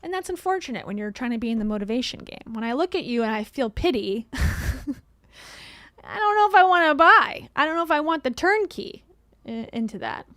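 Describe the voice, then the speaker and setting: A woman's voice: fairly high pitch, animated, fast, no room sound. Chatty, sarcastic woman streamer. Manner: chatty, sarcastic, laughs often. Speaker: commentary streamer. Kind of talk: casual reaction commentary.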